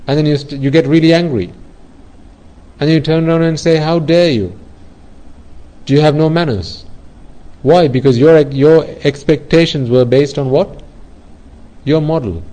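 A man's voice: a little high, mellow, poor audio. A man giving an earnest Buddhist dharma talk, explaining ideas through everyday examples and often repeating himself. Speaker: Buddhist teacher.

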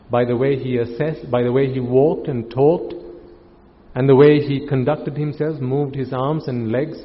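A man, a Buddhist monk, giving a calm sermon full of rhetorical questions. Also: mid-range voice. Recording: muffled, with long hall reverb.

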